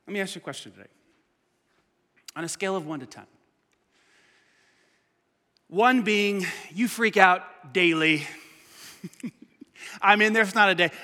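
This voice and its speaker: High bright preacher in an echoing hall. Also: male voice. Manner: conversational, swings from loud urging to hushed. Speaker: pastor. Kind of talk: sermon. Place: church. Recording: long hall reverb.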